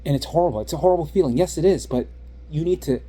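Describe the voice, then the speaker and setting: A man coaching viewers through exposure practice in a casual vlog, acting out an anxious walk and then explaining it in an animated way. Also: fairly high pitch, quick pace, husky. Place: out and about, then in a car.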